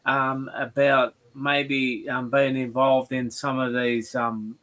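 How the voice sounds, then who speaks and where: A man's voice: mid-range voice, little pitch movement, takes it slowly. A man hosting a casual video call, encouraging and friendly toward his guest. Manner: warm, encouraging, calls guest brother. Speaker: host. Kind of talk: casual chat on an online call.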